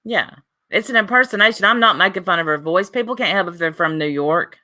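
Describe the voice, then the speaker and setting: A woman's voice: lowish voice, a little fast, bright, forceful tone. A woman hosting a casual livestream, chatty and rambling, talking straight to her viewers in a defensive tone. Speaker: livestream host.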